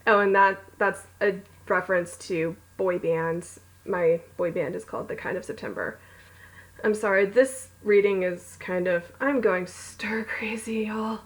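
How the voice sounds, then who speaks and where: On a rough recording, a woman with a fairly low voice reads her own romance novel at home, a little slowly. The read-along is casual, with chatty, giggly digressions where she mocks herself.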